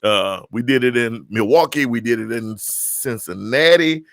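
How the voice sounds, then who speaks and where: A man's voice: medium pitch, unhurried, a bit bright, dry recording, studio quality. A man hosting a live music stream over a video call, chatting loosely and interrupting himself as he introduces his guest. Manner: rambling, chatty, self-interrupting. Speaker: host. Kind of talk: casual livestream hosting.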